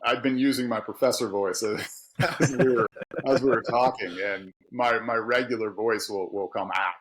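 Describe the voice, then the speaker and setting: Speaking at normal speed with fairly even intonation, a middle-aged Pittsburgh man has a mid-range, fairly bright voice and a Pittsburgh accent. As a guest author and tradesman in a casual podcast conversation, he talks candidly and laughs often. The recording is low quality.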